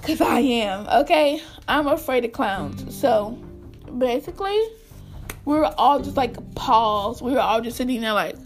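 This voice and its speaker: A young woman casually telling a storytime to her viewers, animated and repetitive, acting out the people in it. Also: measured pace, faint music behind. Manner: animated, repeats herself, acts out quotes in squeaky voice. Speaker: storyteller vlogger.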